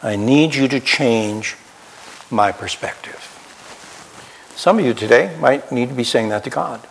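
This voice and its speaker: A man preaching a sermon as pastor, swinging from loud emphatic highs to quiet low asides. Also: a little slow, vocal fry, long pauses. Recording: long hall reverb.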